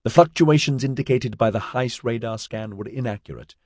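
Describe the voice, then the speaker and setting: A man narrating an audiobook in a measured storytelling manner, voicing all the characters. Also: medium pitch, darkish tone, dry recording, studio quality. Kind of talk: scripted narration.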